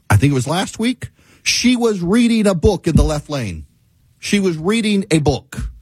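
A host rants with sarcastic exasperation, his husky voice swinging widely in pitch. The sound is dry and close, with no room echo. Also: a little mellow. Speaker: talk show host. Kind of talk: ranting monologue.

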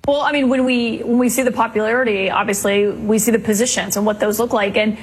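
A woman's voice: fairly high pitch, fairly even intonation, fast, husky, low-quality recording. A woman anchoring a TV news interview, asking polished, questioning prompts.

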